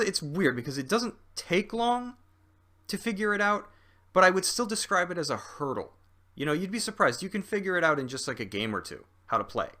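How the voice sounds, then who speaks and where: A man's voice: medium pitch, bright, forceful tone. A young man talking through a video game in a casual review, rambling with lots of ums and restarts and a jokey streak. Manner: chatty and jokey.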